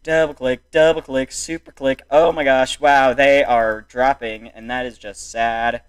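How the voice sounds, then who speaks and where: A young man giving excitable, exclamatory commentary while playing a video game. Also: mid-range voice, unhurried, clear, resonant tone. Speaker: gaming YouTuber. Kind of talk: gameplay commentary.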